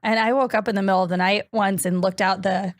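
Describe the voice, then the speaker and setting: A woman's voice: mid-range voice, fairly even intonation, fast talker, dry recording, clean studio sound. A woman from North Carolina, a guest on a podcast, telling a story in a rambling, chatty way. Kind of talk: casual chat.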